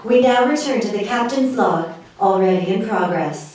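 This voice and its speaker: A woman narrating a mock space-adventure opening on stage in a grand, deliberate parody style. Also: on the high side, animated, a little mellow. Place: small theater stage. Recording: echoey theater, distant mic.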